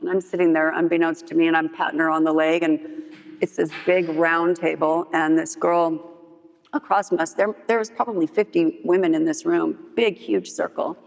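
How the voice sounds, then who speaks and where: Speaking at a moderate pace in a gravelly voice, a woman tells her recovery story at a meeting. She's candid and funny, leans on "like" a lot, and animatedly acts out others' dialogue in a higher voice. The recording is reverberant, taken in a large meeting hall with long reverb.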